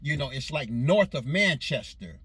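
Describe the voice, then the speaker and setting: With lively intonation and a breathy edge, a man from Los Angeles loosely reminisces about being a kid, meandering and self-correcting in everyday vernacular. His voice is mid-range and a bit bright, his pace measured, with no room sound.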